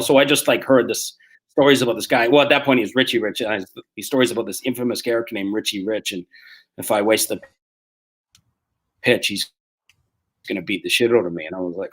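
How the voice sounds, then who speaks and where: A man in his forties, a comedian guest telling rough, profane stories on a video call and acting out the quotes. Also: mid-range voice, a bit bright. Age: 40s. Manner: rapid, profane storytelling that acts out quotes. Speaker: guest, street performer and comedian. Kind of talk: casual podcast chat.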